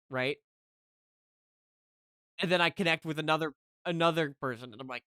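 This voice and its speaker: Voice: medium pitch, steady tone, fairly quick, pauses often, sharp tone, clean tone, no echo, clean studio sound. A streamer telling a story to chat in a heated, casual rant, keeping on asking "right?".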